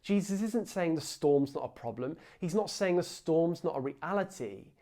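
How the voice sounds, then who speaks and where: A man delivering a relaxed sermon, his voice sitting a little higher than most men's. He talks earnestly and informally, in a young adult's voice, with plenty of fillers and casual asides. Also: moderate pace. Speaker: preacher. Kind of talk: conversational sermon.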